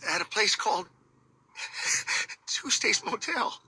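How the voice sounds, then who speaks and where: A stammering, terrified captive. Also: male voice, high-pitched, animated, slow pace, sharp tone, breathy edge, soft background music, full character voice, rough recording. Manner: stammering, panicked. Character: terrified man held at gunpoint. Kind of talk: video game voice acting.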